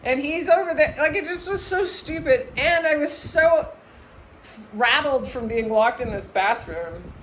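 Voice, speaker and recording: Woman vlogger telling a story, kinda high voice, lots of "like", bit of background hum. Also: measured pace, low-quality recording. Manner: animated, lots of "like", acts out voices in her story. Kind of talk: casual storytelling to camera.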